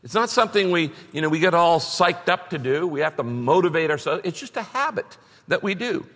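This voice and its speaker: A man's voice: a little high, lively intonation, a little fast, fairly bright tone. A man preaching a sermon as a pastor, emphatic, with bursts of rising energy. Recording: long reverb of a large hall.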